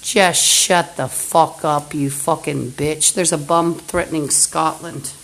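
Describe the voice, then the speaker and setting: A woman's voice: low voice, steady tone, slow, gravelly, rough recording. A woman on a phone livestream, hurling profane, hostile abuse at unseen listeners in an angry rant. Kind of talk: angry live-stream rant.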